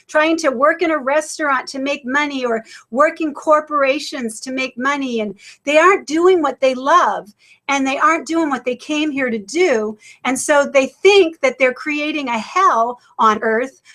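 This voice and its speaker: Woman, spiritual webinar co-host, high voice, emphatic, preachy, video-call sound. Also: a bit bright. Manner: emphatic, gets passionate and preachy. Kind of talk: passionate inspirational chat.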